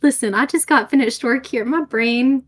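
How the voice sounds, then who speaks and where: A woman's voice: sits high, moderate pace. Giggly, hesitant woman player. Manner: giggly, self-conscious, hesitant with restarts. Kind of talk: casual chat at a tabletop game.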